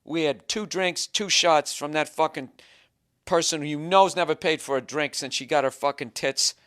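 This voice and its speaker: A male comedian tells a road story with excitable, profane glee. His voice is bright and crisp, sitting a little high for a man. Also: moderate pace. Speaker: stand-up comedian.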